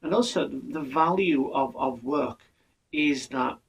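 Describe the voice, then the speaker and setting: An older man, talking in an earnest, measured monologue and often restarting his words. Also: mid-range voice, creaky, a bit bright, far from the mic, rough recording. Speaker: podcast speaker. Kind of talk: reflective monologue.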